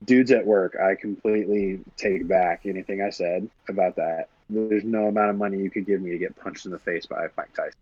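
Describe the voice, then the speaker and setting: Laid-back man with a lower voice, muffled. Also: steady tone, brisk, few pauses, slightly rough, no room sound. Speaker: podcast co-host. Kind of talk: casual sports chat.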